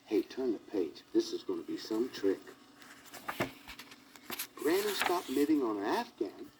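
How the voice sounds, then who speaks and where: A man's voice: mid-range voice, big pitch swings, a little slow, a little mellow. A man narrating a children's storybook record, with jokey asides to the listener, on a crackly 1960s vinyl record.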